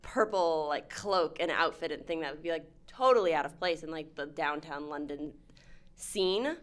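A woman with a somewhat low voice, chatting casually in a group discussion. She rambles with many fillers and tells stories with animation. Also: moderate pace. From lived in Turkey. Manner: chatty, lots of "like", animated storytelling. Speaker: panelist.

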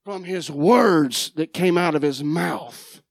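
Woman preacher, slow, dramatic sermon delivery, dry close sound. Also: deep voice, dry recording. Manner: dramatic, swings from loud declaring to quiet asides. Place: church sanctuary.

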